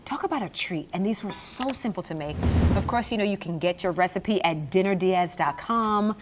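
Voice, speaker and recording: A woman's voice: mid-range voice, moderate pace, noisy background. A woman hosting a cooking show, tasting the food and reacting with gushing exclamations as she chats with a chef. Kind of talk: enthusiastic cooking show chat.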